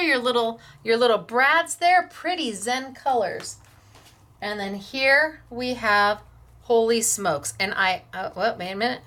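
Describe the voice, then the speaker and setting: A woman's voice: fairly high pitch, fairly bright tone. A woman hosting a craft class, gushing with admiration over viewers' handmade projects.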